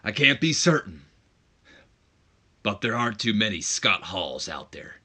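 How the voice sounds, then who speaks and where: A man putting on a boastful wrestling legend delivering a loud promo, as a jokey impression. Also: on the low side, very animated, measured pace, heavily acted. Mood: hyped promo.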